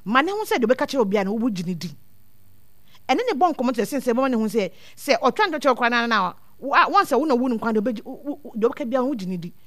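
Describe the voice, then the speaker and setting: A woman's voice: a little high, expressive, quick pace, fairly bright tone, dry recording. A woman, speaking as a guest who gives earnest advice to parents in a casual talk. She often repeats words while she thinks. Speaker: guest speaker on child welfare. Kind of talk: casual advice talk mixing two languages.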